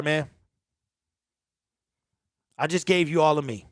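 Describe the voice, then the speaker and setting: Speaking slowly in a fairly high, somewhat bright voice, a man who hosts his own sports channel gives his viewers a raw, unedited monologue. It's emphatic, earnest, emotional and repetitive, recorded dry at studio quality.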